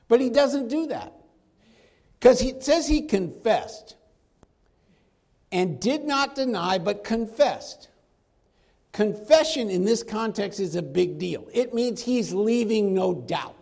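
A man with a fairly high voice, preaching verse by verse through a Bible passage. His delivery is conversational and lively, and he slips into casual slang when he acts out what the people in the story say. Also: slow, creaky, pauses often. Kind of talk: expository Bible teaching.

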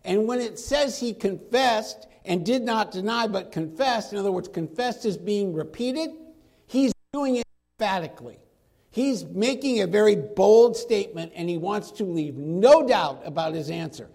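A man with a fairly high voice, preaching verse by verse through a Bible passage. His delivery is conversational and lively, and he slips into casual slang when he acts out what the people in the story say. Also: normal speed. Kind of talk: expository Bible teaching.

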